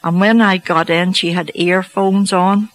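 A woman telling a personal faith story to an audience, slow and reflective with gentle humour. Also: on the low side, steady tone, rough recording. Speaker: speaker giving a faith testimony.

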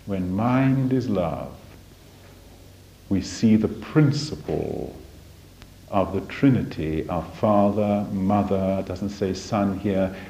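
A man teaching from a spiritual text in a deliberate, emphatic lecture, often asking rhetorical questions. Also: low voice, gravelly, warm tone, a little hiss or hum. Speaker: religious study teacher. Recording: dull lo-fi recording.

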